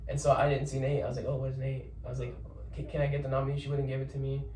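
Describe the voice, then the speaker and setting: A young man, a podcast guest, telling a story in casual chat. He rambles, repeats words and gives lots of shout-outs. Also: mid-range voice, monotone, very fast. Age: young adult. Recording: roomy echo, distant mic, faint noise.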